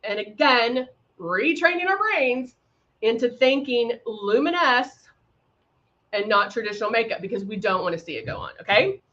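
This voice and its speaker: A woman hosting a live makeup tutorial, chatting casually with viewers and filling pauses with frequent ums. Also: fairly high pitch, sing-song, fairly bright tone, lo-fi sound. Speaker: makeup livestream host.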